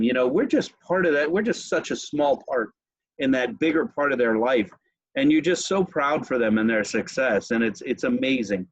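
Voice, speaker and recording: A man hosting a podcast, a profane and animated storyteller in casual chat. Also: mid-range voice, husky, no room sound, lo-fi sound. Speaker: podcast host.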